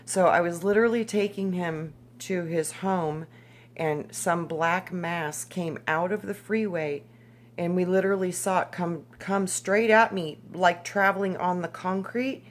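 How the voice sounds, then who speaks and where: Woman, deep low voice, casual scripture reading and storytelling, halting reading, chatty "literally" and "like".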